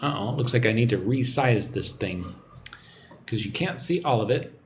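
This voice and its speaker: A man giving a live-streamed English lesson, relaxed and chatty as he reads out viewer comments. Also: on the low side, normal speed, a little hiss or hum. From United States. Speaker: English teacher.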